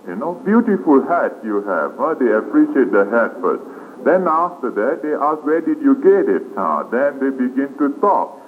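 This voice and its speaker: A man, a Buddhist monk, giving a dharma talk slowly with frequent questioning "hmm?" and "huh?" tags. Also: mid-range voice, sing-song. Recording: tinny lo-fi 1980s tape with faint hiss.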